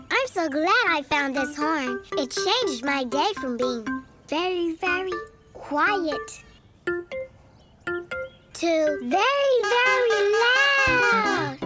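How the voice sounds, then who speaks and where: Woman doing a tiny bunny boy voice, super high, sooo slow and singsongy, kids' show. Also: expressive, exaggerated voice. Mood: excited cheerful. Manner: slow, sing-song, exaggerated for small children. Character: cheerful young male bunny, curious and playful. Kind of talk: children's learning video. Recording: loud kids' music behind. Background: children's music.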